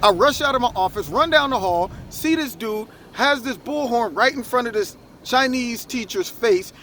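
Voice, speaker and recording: A middle-aged man, a former school principal, giving impassioned opinion commentary and telling animated stories. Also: very high voice, moderate pace, a little hiss or hum. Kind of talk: opinion commentary with acted anecdotes.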